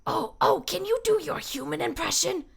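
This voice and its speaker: A cartoony male bird, as a woman puts him on, squawks out frantic, drawn-out shouts. The voice sits high and lurches up and down as he insists he is human. It is a broad, playful cartoon performance. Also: animated, vocal fry, heavily acted. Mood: curious.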